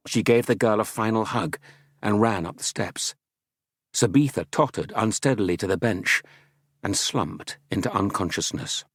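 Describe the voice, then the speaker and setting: A man narrating an audiobook in a steady, dramatic storytelling manner, close to a studio mic. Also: fairly low pitch, moderate pace, breathy edge, dry recording.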